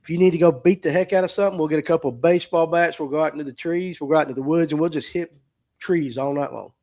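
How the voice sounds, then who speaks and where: A middle-aged tackle shop owner from the US South races through his words on a livestream, voice fairly high with a darkish tone. Over his streaming mic he sounds earnest and emotional, repeating himself and close to tears in heartfelt, casual talk.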